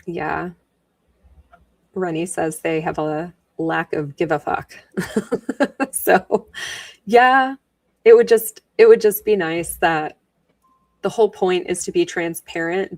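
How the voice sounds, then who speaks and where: A woman's voice: lowish voice, fairly even intonation, measured pace, long pauses, darkish tone, no echo, far from the mic. A woman from New York hosting a livestream, chatting sarcastically and laughing often as she comments on a trial. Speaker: livestream host. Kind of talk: casual commentary while rewatching a trial. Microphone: wearing headphones.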